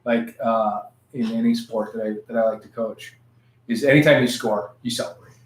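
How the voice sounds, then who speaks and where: A man's voice: medium pitch, steady tone, moderate pace, roomy sound, rough recording. A man chatting casually as a podcast co-host, rambling through stories and laughing at his own jokes. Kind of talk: casual chat.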